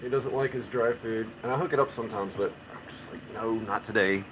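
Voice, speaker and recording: A man's voice: lowish voice, brisk, fairly bright tone, roomy sound, a little hiss or hum, low-quality recording. Rambling man brewing beer at home. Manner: rambling, swears casually. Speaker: homebrewing streamer. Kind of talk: casual live-stream chat. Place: home kitchen with a dog.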